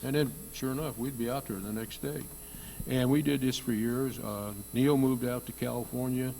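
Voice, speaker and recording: A man's voice: medium pitch, steady tone, normal speed, vocal fry, mellow, long reverb tail, slight background noise, rough recording. An older man, a former stuntman, reminiscing earnestly and plainly on a reunion panel.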